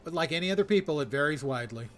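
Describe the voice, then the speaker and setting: A man's voice: fairly high pitch, lively intonation, racing, fairly bright tone. Rambling American man streaming a game. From United States. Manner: rambling, self-correcting, chatty asides. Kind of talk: casual gameplay chat.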